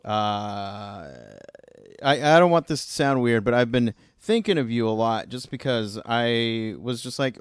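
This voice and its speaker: A Canadian man hosts a casual podcast chat with a smooth, resonant voice. He speaks in an easygoing, self-deprecating way, often restarting his sentences. The recording is close and dry. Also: mid-range voice, a little slow, dry recording. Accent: Canadian English. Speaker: podcast host.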